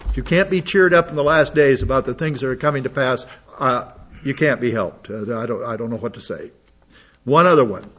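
A man's voice: medium pitch, brisk, a bit bright. A man reading news articles aloud and adding his own comments and asides. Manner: reads aloud with asides and restarts. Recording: dull lo-fi audio.

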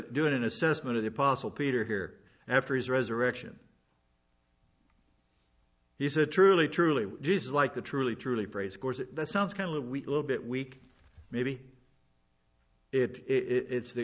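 Here a man with a mid-range, slightly bright voice preaches through the Bible verse by verse. As a pastor he keeps things conversational, adding folksy asides and restarting often. The sound is dull and lo-fi.

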